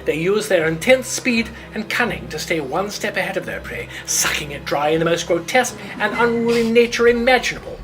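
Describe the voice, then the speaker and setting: A woman giving hushed, breathy narration in the style of a mock nature documentary, with music playing behind her. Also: on the low side.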